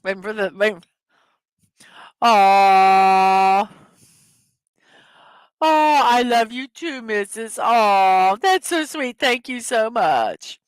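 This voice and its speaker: A woman's voice: medium pitch, animated, very slow, long pauses, clean tone, dry recording. A middle-aged woman hosting a casual livestream, giggling as she reads viewers' jokes aloud. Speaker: livestream host.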